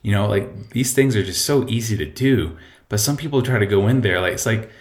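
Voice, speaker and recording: A man's voice: lowish voice, fairly quick, reverberant. A man hosting a podcast from home, talking casually and rambling with lots of fillers and restarts. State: a bit out of breath. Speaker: podcast host. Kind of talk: casual solo podcast talk. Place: home room.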